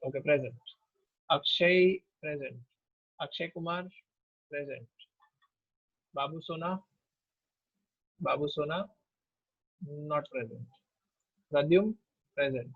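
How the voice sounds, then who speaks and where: Indian male instructor, slightly raised pitch, dry and lo-fi sound, runs an online class roll call. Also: slow, long pauses, husky, no room sound. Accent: Indian English. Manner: takes attendance name by name, with fillers. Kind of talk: online class, mixing Hindi and English.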